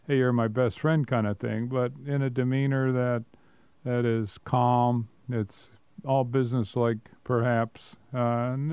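A man's voice: medium pitch, gravelly, smooth, no room sound, highs cut off. A man co-hosting a business talk show, reading out points and commenting on them wryly. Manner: reads points aloud, then comments wryly. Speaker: co-host. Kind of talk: casual radio talk.

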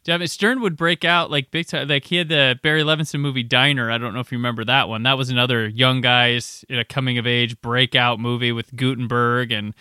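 A man hosting a podcast, chatting casually about a film with rambling anecdotes and quick asides. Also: mid-range voice, steady tone, bright, forceful tone, clean tone, no echo, studio quality. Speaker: podcast host.

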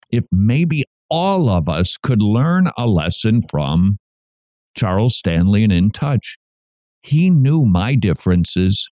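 A man hosts a Christian radio program in an earnest, preacher-like manner, often repeating his points for emphasis. He speaks slowly, with a lively, swooping pitch. The studio mic gives a close, dry sound. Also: dry recording. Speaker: radio host. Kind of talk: radio commentary.

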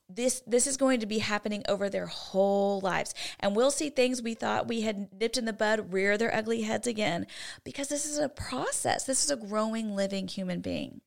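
A woman speaks at a middle pitch, earnest and instructive as she lays out faith-based advice on raising children. Her voice carries a slight gravelly fry, and she moves between quiet, soft passages and brighter, louder ones. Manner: earnest and teaching, with lively shifts in volume. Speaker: co-host of a Christian parenting show. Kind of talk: faith-based parenting talk.

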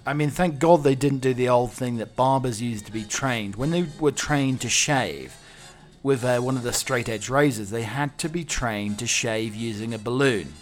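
A man's voice: mid-range voice, moderate pace, soft background music. A man hosting a comedy podcast, reading out news items with dry, wry asides. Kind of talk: comic monologue reading news stories.

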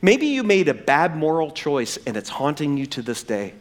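Lively, animated man preaching a sermon. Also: a little high. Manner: dramatic swings from loud emphasis to hushed, drawn-out words; acts out quoted dialogue in raised voice. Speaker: pastor. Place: church.

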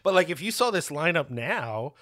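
A man co-hosting a movie podcast with a bright, forward voice. He rambles, often restarting his sentences mid-thought, and swears casually as he chats. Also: fairly high pitch, big pitch swings, moderate pace. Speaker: podcast co-host.

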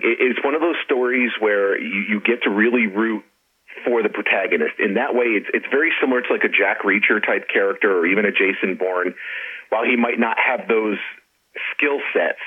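A middle-aged man, an author and interview guest, talking in a relaxed, chatty way. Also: on the low side, breathy edge. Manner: relaxed, chatty, with frequent restarts and laughs. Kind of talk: casual interview chat. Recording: tinny phone line.

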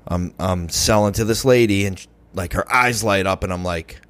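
A man telling a rough personal story in casual, profane talk, acting out the voices of the people in it. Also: low-pitched, moderate pace, a bit bright. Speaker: podcast guest in recovery.

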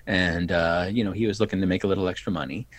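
A middle-aged man telling stories in casual chat, animated and acting out the people he quotes. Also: low voice, fast talker, no room sound. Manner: animated, acts out quoted voices. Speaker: podcast guest. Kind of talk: casual storytelling.

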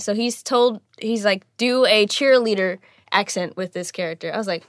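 A woman's voice: normal speed, a bit bright, dry recording, clean studio sound. A woman voice actress in casual chat, bubbly, laughing often and acting out quotes. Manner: bubbly, laughs often, quotes people with big pitch swings.

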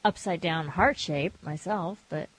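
A woman co-hosting a casual comedy podcast, teasing and slow, often laughing. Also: fairly low pitch, breathy edge. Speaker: podcast co-host.

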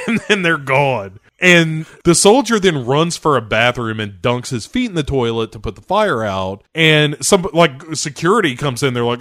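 A man's voice: on the high side, normal speed, hardly any pauses, no echo, clean studio sound. A man co-hosting a podcast, animatedly recapping a movie in casual, profane chat. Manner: animated, profane storytelling with quoted voices. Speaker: podcast co-host.

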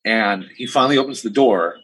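A man's voice: lowish voice, fairly quick, husky, low-quality recording. Blunt man telling a bar story. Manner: animated barroom storyteller, blunt and plain-spoken. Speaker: podcast guest. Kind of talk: casual podcast storytelling.

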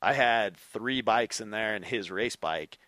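A middle-aged man, a former motocross racer, telling stories as a podcast guest in an animated way and swearing freely. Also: fairly low pitch, measured pace, dry recording. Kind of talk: casual storytelling.

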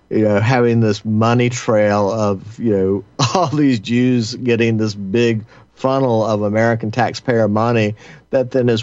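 A man with a lowish voice delivers a call-in radio monologue, stopping often on fillers before pushing on with a sardonic tone. The sound is dry and close, with a slightly muffled, lo-fi quality. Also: no room sound. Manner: halting, many filler pauses. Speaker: fill-in radio host.

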